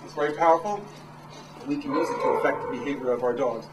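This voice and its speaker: A man in his thirties, a dog trainer, giving a casual, animated talk to a live audience. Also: medium pitch, quick pace. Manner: animated, acts out quotes in raised voices. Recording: echoey room from far off, noisy.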